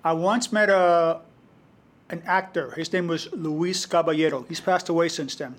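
Bronx-accented man, high voice. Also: moderate pace. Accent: New York (Bronx). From New York, the Bronx. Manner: animated anecdotal storyteller. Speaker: guest storyteller and poet. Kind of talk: conversational interview storytelling.

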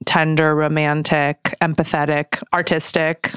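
A woman's voice: low voice, level tone, measured pace, a bit bright, smooth, no echo, clean studio sound. A young woman from Los Angeles with a Valley girl accent, hosting a podcast interview with upbeat, enthusiastic reactions. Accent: Californian Valley girl. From Los Angeles, USA. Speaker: podcast host.

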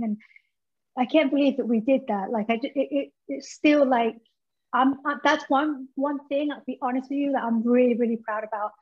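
A woman's voice: sits high, moderate pace, lo-fi sound. A woman guest on an interview, talking candidly and chattily with lots of fillers. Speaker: guest, former pro wrestler. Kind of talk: casual interview chat.

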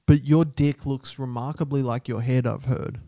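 A man's voice: medium pitch, fairly even intonation, normal speed, warm tone, no echo. A man co-hosting a podcast, teasing his co-host in laid-back banter. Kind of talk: casual chat.

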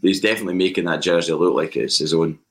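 Deep-voiced Scottish man, measured. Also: fairly even intonation. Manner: measured, weighs his points with restarts. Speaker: podcast guest pundit. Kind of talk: casual football podcast chat.

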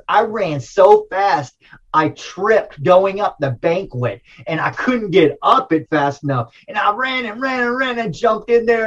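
A man as an interview guest, telling a personal story in a casual, animated way, full of slang and restarts. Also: on the high side, dull audio.

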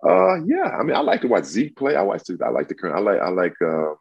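A man in his sixties, a guest on an interview show, telling stories in a lively way and acting out what others said. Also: fast, gravelly, husky, no room sound, lo-fi sound. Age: 60s. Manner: animated storyteller, acts out quotes in a high voice. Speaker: guest, retired football player. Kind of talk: casual interview.

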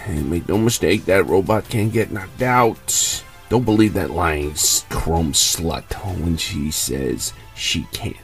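Gruff, brash Paulie parody PSA, played by a man; gravelly, lively swings. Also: deep voice, slow pace, few pauses, soft background music, heavily acted. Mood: grim. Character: crude mock Paulie giving a psa, gruff older man. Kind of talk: comedy sketch.

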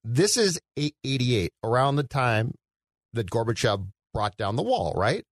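A man's voice: mid-range voice, big pitch swings, unhurried, dry recording, clean studio sound. A man co-hosting a casual film podcast, rambling and hedging as he thinks aloud. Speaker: podcast co-host.

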